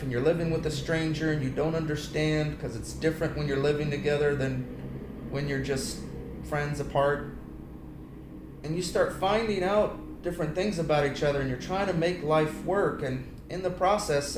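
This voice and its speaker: A man giving a preachy personal talk about love and marriage, telling stories animatedly and acting out voices. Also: fairly high pitch. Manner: animated storytelling, acts out voices and sings snippets. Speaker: Christian speaker. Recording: roomy echo, faint background noise.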